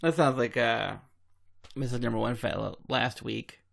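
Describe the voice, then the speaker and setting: Male podcast co-host, heavily gravelly voice, mid pitch, wry interjections between laughs. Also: normal speed, fairly bright tone. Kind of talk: casual comedic banter.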